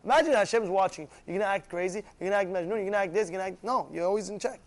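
A man teaching a religious class, animated, often acting out quarrels and asking if listeners follow. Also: high voice, very fast. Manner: animated, acts out shouting voices, asks "you know?" often. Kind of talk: Torah class sermon.

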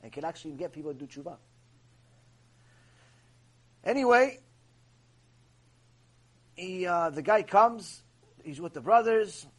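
Husky, high-voiced rabbi telling a story. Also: male voice, measured pace, pauses often. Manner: animated storyteller, sprinkles in Hebrew terms. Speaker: rabbi teaching an ethics lecture. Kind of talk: storytelling Torah lecture.

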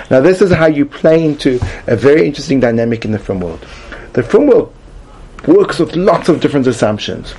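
A man's voice: medium pitch, darkish tone, slight background noise. A man giving a rambling, tongue-in-cheek class, with lots of restarts and filler words. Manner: rambling, repeats and restarts, frequent "like". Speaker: comedic class presenter. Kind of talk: mock-instructional comedy talk.

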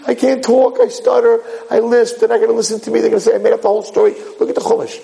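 Man voicing a high whining reluctant prophet, mellow tone. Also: level tone, rapid-fire, vocal fry, exaggerated voice. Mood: pleading. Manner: whiny, begging. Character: timid pleading stuttering male prophet. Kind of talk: sermon.

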